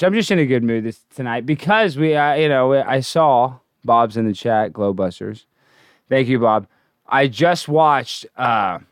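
A man's voice: medium pitch, clear, resonant tone, no room sound, clean studio sound. A man hosting his own livestream, rambling and ranting casually between hyped announcements. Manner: rambling, animated, hyped intro then ranting. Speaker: livestream host.

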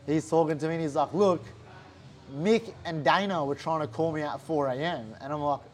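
Animated Australian man telling a story. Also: fairly high pitch, moderate pace. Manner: animated, swears often, heavy use of "like". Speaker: interview guest, fighter. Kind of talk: casual storytelling chat.

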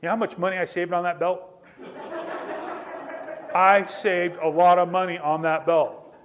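High-pitched guy preaching, chatty story with lots of repeated lines, talks right to the crowd. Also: level tone, measured pace, muffled recording, slight background noise. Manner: repetitive, building emphasis through restated phrases; conversational, addresses listeners directly. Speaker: pastor. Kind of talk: sermon with personal storytelling.

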